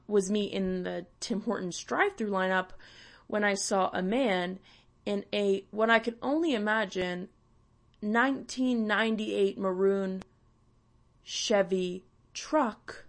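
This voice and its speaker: A young woman from Canada, hosting and ranting bluntly with swearing and sarcasm. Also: mid-range voice. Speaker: podcast host. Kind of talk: ranting monologue.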